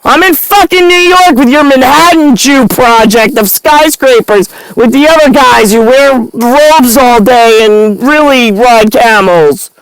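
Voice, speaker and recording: A woman's voice: sits high, a little slow, few pauses, smooth, no echo, low-quality recording. A woman delivering a rambling, angry, profane monologue to the camera.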